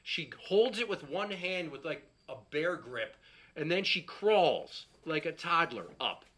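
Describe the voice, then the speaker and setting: A man's voice: fairly high pitch, animated, a little slow, fairly bright tone. A middle-aged man doing a stand-up set, telling a profane, exasperated story and acting out the quotes. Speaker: stand-up comedian.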